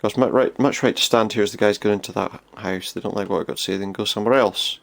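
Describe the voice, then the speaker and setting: Speaking fast with a lowish voice and vocal fry, a streamer casually comments while playing a role-playing game. It's chatty let's-play talk, with him reasoning aloud along the way.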